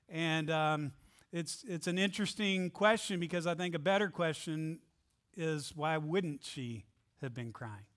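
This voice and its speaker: Male pastor, high voice, animated and jokey sermon delivery with scripture reading. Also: unhurried. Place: church sanctuary.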